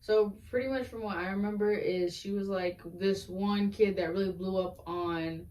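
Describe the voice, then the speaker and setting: A woman's voice: mid-range voice, normal speed. A teenage girl co-hosting a podcast, chatting casually and telling stories with plenty of giggles. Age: teens. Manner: giggly, animated storyteller. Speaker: podcast co-host. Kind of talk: casual chat. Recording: distant mic.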